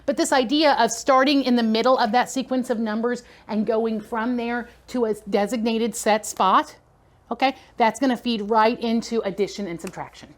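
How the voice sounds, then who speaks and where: A woman's voice: on the high side, fairly even intonation, normal speed. A middle-aged woman giving a preschool teacher training lecture, chatty and conversational, checking in often with her listeners. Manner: conversational, checks in with "okay?" and "right?".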